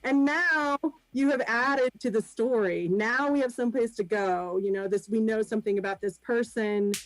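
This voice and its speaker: A woman's voice: on the high side, moderate pace, rough recording. A woman guest on a video-call podcast, speaking thoughtfully with frequent ums and light laughs. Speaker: guest, improv performer and business founder. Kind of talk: casual podcast chat.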